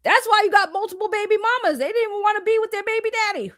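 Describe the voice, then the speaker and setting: A woman's voice: very high voice, lively intonation, very fast, a bit bright, dry recording, clean studio sound. A woman streamer talking in a blunt, profane way and mocking others' words in heated casual talk.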